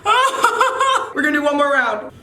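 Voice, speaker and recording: A woman's voice: medium pitch, lively intonation, unhurried, fairly bright tone. Giggly nervous woman vlogging at home. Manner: nervous, giggly, exclaiming often. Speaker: beauty vlogger. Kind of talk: casual vlog chatter. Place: room at home. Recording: echoey room, mic a bit distant.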